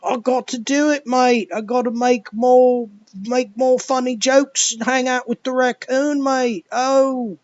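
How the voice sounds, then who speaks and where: Brief: brash drawling male actor, voice pushed way up high, as a ranting man puts him on, dull dry recording. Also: little pitch movement, slow, few pauses, no echo. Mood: mocking. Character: mocking caricature of a brash Australian male movie actor.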